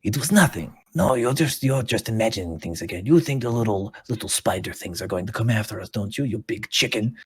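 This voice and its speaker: Guy putting on a sneery little gnome, teasing his buddy for being a chicken, voice pitched a bit up, husky edge. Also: lively intonation, brisk, hardly any pauses. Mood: taunting. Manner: teasing, scornful. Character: taunting male gnome, mocking his friend.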